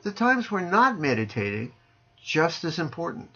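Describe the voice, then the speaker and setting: A man who teaches Zen, chatting casually on a podcast over a video call, joking dryly and dropping his voice low on punchlines. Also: sing-song, moderate pace, bright, forceful tone, muffled recording. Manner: dry joking, playful sing-song delivery, drops low on punchlines. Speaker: Zen teacher answering listener questions.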